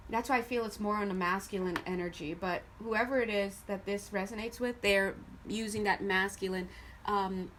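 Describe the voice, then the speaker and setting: A woman giving a casual tarot reading to her viewers. She is chatty and animated, often laughing as she goes. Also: mid-range voice, a little hiss or hum. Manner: addresses viewers directly. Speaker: tarot reader.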